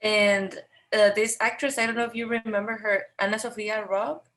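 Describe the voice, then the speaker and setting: A woman's voice: mid-range voice, level tone, moderate pace, a bit bright. Chatty, giggly woman co-host. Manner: chatty, giggly, apologetic asides. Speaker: teacher, co-host. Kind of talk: casual chat.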